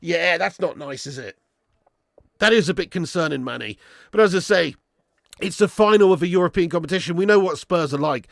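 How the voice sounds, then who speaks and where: A man hosting a football watch-along stream, chatting excitedly and with plenty of slang, his voice going hoarse. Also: a little high, a little fast, no room sound, clean studio sound. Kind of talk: live stream chat and match reaction.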